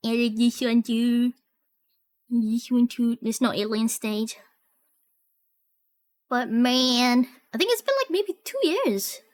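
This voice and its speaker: A woman streamer chatting casually while reacting to videos, excitable and giggly, often trailing off and repeating herself. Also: a little high.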